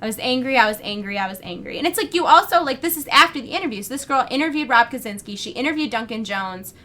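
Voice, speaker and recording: A young woman co-hosting a casual livestream chat, telling a story in an animated rush with lots of fillers, restless and over-caffeinated. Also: on the high side, fast. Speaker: co-host.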